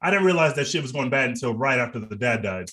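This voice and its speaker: A man's voice: mid-range voice, animated, quick pace, pushed and bright. A man co-hosting a podcast, reviewing a movie in casual, profane and enthusiastic chat. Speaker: podcast co-host.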